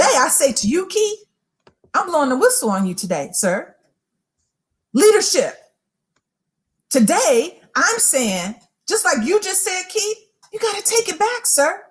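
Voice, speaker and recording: A woman with a high, bright-pitched voice delivers a preaching-style motivational talk. Her pitch swoops and leaps with great animation, and she hammers her points home by repeating phrases and calling out to listeners directly. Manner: emphatic, repeats phrases for emphasis; addresses listeners directly and rhetorically. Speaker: motivational speaker.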